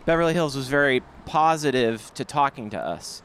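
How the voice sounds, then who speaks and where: A man co-hosting a podcast as he strolls down a busy city street, bantering and quick to object. His pitch swings up and down with lots of life. A faint hum of traffic sits under his voice. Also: animated, a bit bright. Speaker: podcast co-host. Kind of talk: casual street chat.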